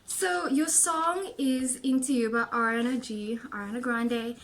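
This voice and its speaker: A woman's voice: on the high side, steady tone, measured pace. A young woman giving a casual tarot reading, chatty and rambling with lots of fillers, a little out of breath. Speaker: tarot reader and vlogger.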